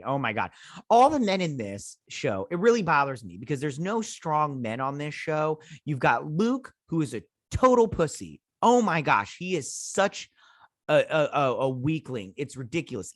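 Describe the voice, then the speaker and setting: A man's voice: on the high side, a bit bright, dry recording. Rambling, blunt male TV reviewer, dry sound. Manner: rambling, blunt, laughs often, retells scenes with "she's like". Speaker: host of a TV review channel. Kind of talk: casual episode recap and review.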